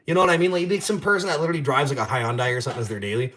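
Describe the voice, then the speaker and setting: A man's voice: medium pitch, very fast, fairly bright tone. A young man with a Canadian accent chats on a casual livestream from his garage. His talk is loose and rambling, sprinkled with swearing and cheeky trash talk, like someone answering chat while tinkering. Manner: rambling, profane, trash-talking. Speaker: livestream host. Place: home garage.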